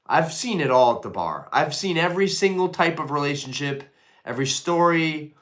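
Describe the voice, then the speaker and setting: A man's voice: fairly high pitch, animated, moderate pace, fairly bright tone. A man hosting a casual live stream, rambling and swearing freely as he answers chat comments.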